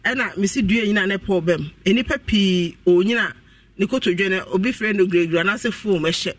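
A man's voice: high-pitched, fairly bright tone, no echo. A man, a health practitioner guest on radio, explaining and giving health advice earnestly. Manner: rapid, earnest explaining and advising. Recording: voice distant from the microphone.

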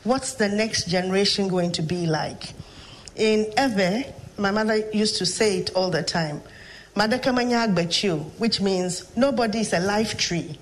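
A Ghanaian woman, a professor appearing as a guest, tells stories and reflects during an interview in a measured, thoughtful way. Her voice sits in the mid range, and the low-quality recording carries slight background noise.

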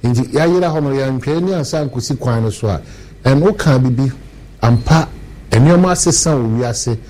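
Mellow-voiced Ghanaian radio host. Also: male voice, medium pitch, poor audio. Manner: measured, thoughtful, mixes in English phrases. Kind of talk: radio discussion.

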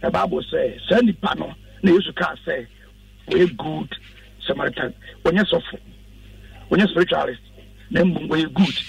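High-voiced gravelly pastor. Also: male voice, moderate pace, pauses often, no room sound, far from the mic, lo-fi sound. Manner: earnest, instructive, quotes scripture. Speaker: pastor, radio guest. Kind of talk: preaching-style radio talk.

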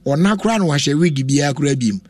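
A young Ghanaian man hosting a radio talk show, talking in an animated, casual way, switching languages and exclaiming often. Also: on the high side, fast talker.

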